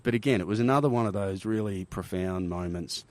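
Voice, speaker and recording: A middle-aged Australian man with a very low voice tells stories in a relaxed interview. He rambles, doubles back on his phrases and keeps checking in with "right?". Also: brisk. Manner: rambling with restarts and frequent "right?" tags. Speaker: podcast guest, army helicopter veteran. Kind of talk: casual interview storytelling.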